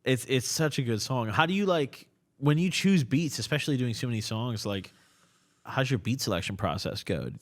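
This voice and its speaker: Recorded in a cramped, cluttered podcast studio corner, a young man hosts a loose, drunken interview chat. His mid-range voice is animated and moves at a moderate pace, and he rambles, swears, and laughs often.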